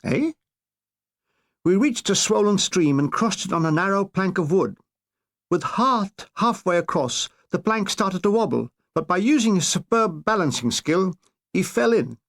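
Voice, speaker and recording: An older man reading his own comic memoir with wry, deadpan asides. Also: sits high, measured pace, vocal fry. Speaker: author narrating his memoir.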